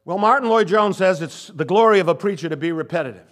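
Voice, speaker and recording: A man's voice: high-pitched, expressive, fast, fairly bright tone. An older male pastor giving a sermon, stressing and repeating key phrases. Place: church sanctuary.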